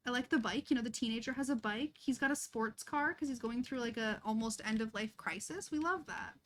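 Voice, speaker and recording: A woman's voice: fairly high pitch, animated, brisk. A young woman chatting casually and laughing often as she streams a life-sim game, chatty and self-deprecating. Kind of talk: casual live-stream chat while playing.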